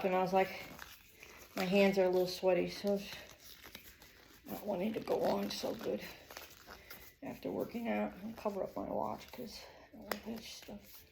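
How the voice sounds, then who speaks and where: A woman's voice: mid-range voice, creaky, echoey room, far from the mic, slight background noise. A woman talking casually at home while working out and then doing a kitchen project, rambling with many ums and a bit out of breath. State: out of breath after exercise. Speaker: lifestyle vlogger.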